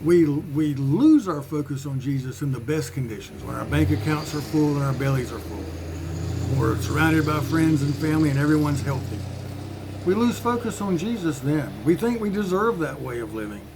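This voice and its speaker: A man preaches in a relaxed, conversational way, and his fairly high voice has a gravelly edge. A faint hiss runs under the recording. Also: moderate pace. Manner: conversational, with playful voiced asides. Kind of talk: informal sermon.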